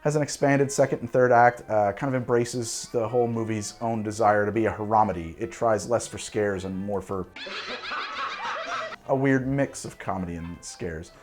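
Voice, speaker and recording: A man in his forties hosting a cocktail show, talking casually to camera in an animated, digressive and jokey way. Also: lowish voice, moderate pace, faint music behind.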